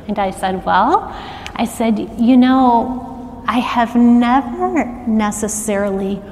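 Woman preacher, middle-aged, unhurried delivery, asks the congregation to answer back, long hall reverb. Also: fairly high pitch, slight background noise. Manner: animated, calls on the congregation to answer and repeat. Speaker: worship arts director preaching. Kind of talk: sermon. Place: church sanctuary.

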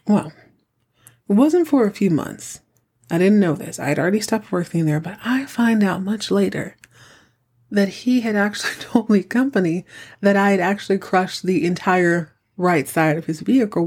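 A middle-aged woman hosting a podcast, telling a story in a chatty, animated way and acting out the dialogue. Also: lowish voice, slightly rough. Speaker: podcast host. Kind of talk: casual storytelling.

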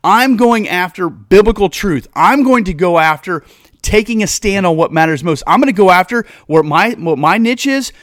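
A man's voice: high-pitched, lively intonation, moderate pace, no room sound, studio quality. A man hosting a podcast, preaching with fire and throwing rhetorical questions at his listeners. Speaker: podcast host. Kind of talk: casual podcast monologue.

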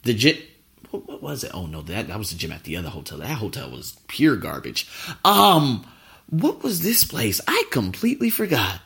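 A man's voice: fairly low pitch, wildly swooping pitch, moderate pace, vocal fry, pushed and bright. A man hosting a podcast, telling a travel story in a casual, profane, ranting way. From United States. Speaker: podcast host.

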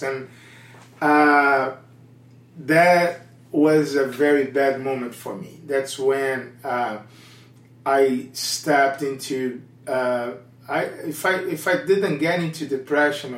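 A man's voice: mid-range voice, fairly bright tone. Earnest Brazilian-accented man in an echoey room. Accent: Brazilian Portuguese. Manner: candid and earnest, with halting restarts. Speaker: missionary guest. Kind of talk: personal testimony in an interview. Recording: echoey room with a distant mic.

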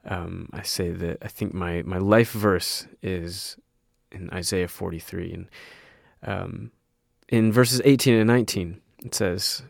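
A man preaching a sermon as a pastor, earnest and halting at times, reading scripture aloud. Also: sits low, fairly even intonation, gravelly, no echo, studio quality. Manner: hesitant fillers and restarts.

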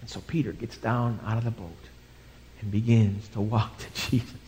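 A man's voice: fairly low pitch, flat delivery, normal speed, a little mellow, slight background noise. A male pastor preaching a live sermon, telling a story dramatically and acting out the voices in it. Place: church sanctuary. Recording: live church hall with long reverb.

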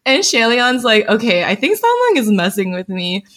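Young woman podcast cohost, super lively pitch, giggly fangirl recap. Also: normal speed. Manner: squealing, laughing, breathless fangirling. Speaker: podcast co-host. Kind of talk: excited book recap chat.

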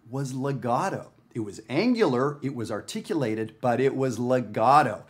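Teaching jazz in a casual video from his home studio, where his dog keeps him company, a man from Canada speaks in an emphatic, conversational way and keeps asking "right?". His mid-range voice is expressive, at normal speed with hardly any pauses.

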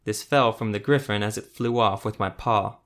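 A man's voice: on the low side, normal speed, lightly acted. A man reading a blunt village girl.

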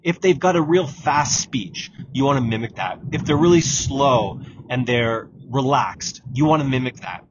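A man's voice: medium pitch, lively intonation, normal speed. A man hosting a solo podcast, giving direct coaching advice and repeating key points. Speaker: exam prep podcast host. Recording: dull lo-fi audio with clear background noise.

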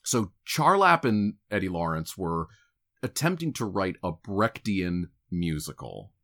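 A man's voice: sits low, very animated, a little slow, a bit bright. A man co-hosting a podcast, chatting casually in a playful, wry way. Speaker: podcast co-host. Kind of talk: casual chat.

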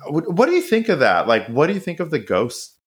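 A man co-hosting a podcast, recapping a show in casual chat, swearing freely and acting out the characters' lines. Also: brisk. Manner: animated, profane, acts out quotes in high voices. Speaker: podcast co-host.

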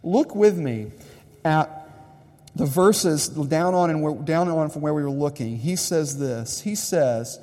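A man's voice: a little high, slow, darkish tone. A man preaching a sermon, emphatic and direct, repeating his key lines to the congregation. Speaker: pastor. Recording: long hall reverb.

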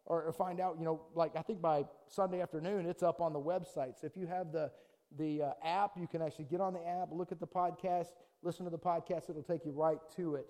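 Man, pastor, high voice, casual animated sermon delivery. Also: fairly quick.

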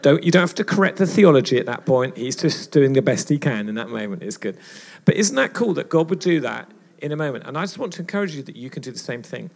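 A man's voice: medium pitch, quick pace, vocal fry. A man giving a sermon at a church retreat, telling a story and acting out the voices in it. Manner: animated storyteller acting out dialogue. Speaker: retreat speaker.

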